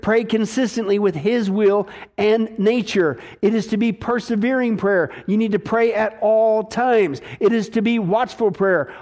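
High-pitched preacher guy, emphatic, keeps asking right?. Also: a little mellow. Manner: emphatic, repeats rhetorical "right?" to the congregation. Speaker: pastor. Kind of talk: sermon.

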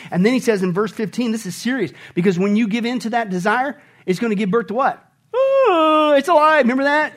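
A man preaching a sermon as pastor, emphatic, asking rhetorical questions and breaking into sudden loud outbursts. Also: high-pitched.

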